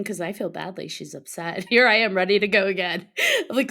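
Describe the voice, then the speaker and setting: A woman telling a story in a casual podcast chat, animated, laughing often and acting out the lines of other people. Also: mid-range voice, normal speed, creaky. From Colorado. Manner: animated, laughing, acts out quotes. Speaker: podcast guest.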